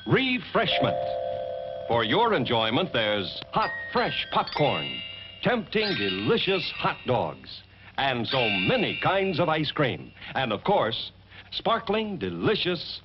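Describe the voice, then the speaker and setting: Male 1950s announcer, bouncy pitch, over loud music, lo-fi film sound. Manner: enthusiastic salesman delivery. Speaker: commercial announcer.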